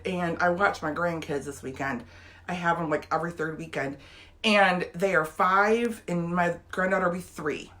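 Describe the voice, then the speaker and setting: A woman's voice: on the low side, fairly bright tone. A woman, giving an emotional, earnest motivational talk straight to her viewers. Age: 50s. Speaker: motivational vlogger.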